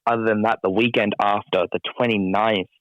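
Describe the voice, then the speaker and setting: A man's voice: on the low side, fairly even intonation, a little fast, no room sound, lo-fi sound. A man, a pro wrestler as guest, talking casually with dry, self-deprecating humor. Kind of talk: casual interview chat.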